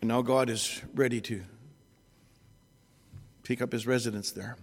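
A man preaching an expository sermon at an unhurried pace, often restarting and correcting himself. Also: medium pitch, fairly even intonation, big-room sound.

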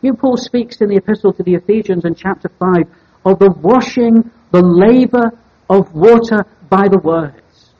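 A man preaching an evening Bible sermon in a measured, deliberate way, stressing key words as he teaches. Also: high voice, breathy edge. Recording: dull lo-fi sermon recording.

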